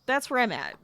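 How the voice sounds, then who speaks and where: A woman's voice: medium pitch, fairly bright tone, dry recording. A young adult woman streaming a game, chatting casually with her viewers and getting exasperated as she plays. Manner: chatty, talks to chat, gets exasperated. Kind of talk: casual gameplay livestream chat.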